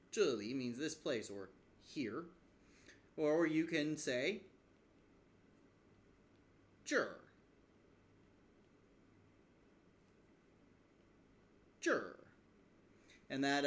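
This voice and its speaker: A man's voice: medium pitch, a little slow. A man teaching from his own language study in a casual video lesson, thinking aloud with fillers and restarts. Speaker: language learner explaining lessons.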